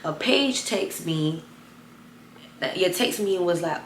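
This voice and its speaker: A young woman telling a wild personal story to camera, animated and chatty, talking straight to her viewers. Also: slow pace, pauses often, echoey room, slight background noise. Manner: animated, addresses viewers as y'all, bursts of high excited retelling. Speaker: storytime vlogger.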